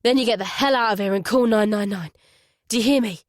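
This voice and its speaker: A woman's voice: mid-range voice, quick pace, dry recording, studio quality, lightly acted. A woman voicing a firm, insistent male detective inspector in an audiobook. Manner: firm, urgent, polite but insistent. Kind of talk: audiobook character voice.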